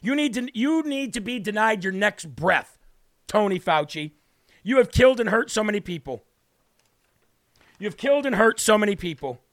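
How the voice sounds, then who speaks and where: A man's voice: sits high, lively intonation, normal speed, long pauses. A man hosting a live political talk show, ranting in a mocking, combative way and repeating lines for emphasis.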